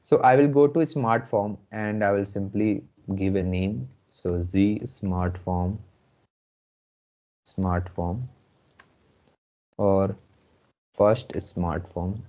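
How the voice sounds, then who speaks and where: Male instructor with Indian English accent, slow repetitive delivery, lo-fi online class sound. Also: fairly low pitch, mellow. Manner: slow, repeats phrases often. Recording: muffled lo-fi audio.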